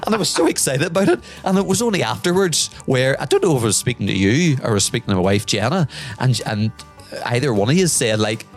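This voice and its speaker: A man from Northern Ireland with a Northern Irish accent, co-hosting a podcast in playful, excitable casual chat. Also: mid-range voice, quick pace, soft background music. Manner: playful, excitable, keeps addressing his co-host by name. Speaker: podcast co-host.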